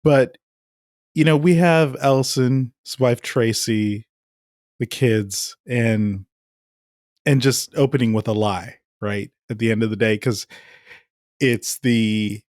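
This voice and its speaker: A man co-hosting a movie podcast in casual chat, animated and joking. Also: medium pitch, takes it slowly, long pauses, no room sound, studio quality. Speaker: podcast co-host.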